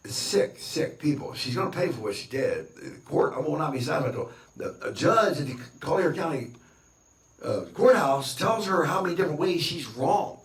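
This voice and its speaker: A man's voice: a little high, sing-song, moderate pace. A man talking to camera in a rambling, boastful, repetitive rant. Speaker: vlogger. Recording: roomy, distant from the mic.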